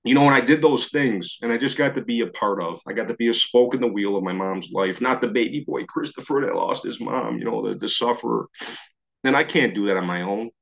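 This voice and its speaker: A middle-aged New Yorker tells his recovery story to a meeting over a video call, acting out his old thoughts and chuckling at himself. His mid-range voice is brisk, creaky, and fairly bright, and the video-call audio is slightly dull.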